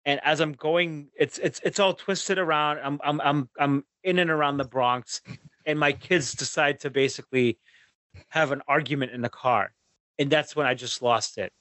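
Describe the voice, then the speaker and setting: A man telling a road trip story in casual podcast chat, animated and swearing, acting out his own rants. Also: fairly high pitch, normal speed, no echo.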